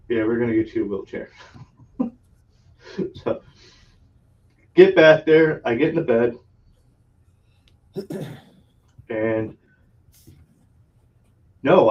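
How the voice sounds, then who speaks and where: A man hosting a podcast, telling a long story in casual chat, laughing often and swearing freely. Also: mid-range voice. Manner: laughs often, profane, rambling anecdote. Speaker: podcast host. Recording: distant, dull lo-fi sound.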